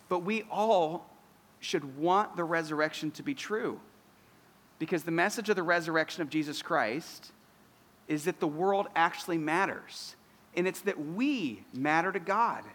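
Earnest high-voiced preacher man. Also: lively intonation, unhurried, a bit bright, in a large hall. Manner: earnest, building to emphatic declarations. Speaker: pastor. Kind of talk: sermon.

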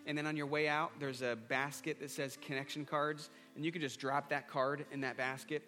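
A man preaching a sermon to a congregation, earnest and repeating a refrain as he leads an altar call and a line-by-line prayer. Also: medium pitch. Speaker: pastor. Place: church hall before a congregation. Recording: long hall reverb with soft guitar.

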